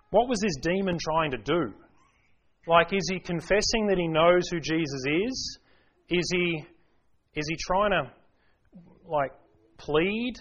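A man with a slightly higher voice preaches an expository sermon, working through scripture verse by verse. He talks in an earnest, emphatic way. The recording sounds dull and lo-fi. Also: a bit bright.

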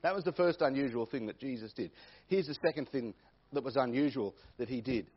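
A man's voice: medium pitch, a little fast, slightly rough. A man preaching a sermon, repeating key phrases for emphasis. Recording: dull lo-fi recording.

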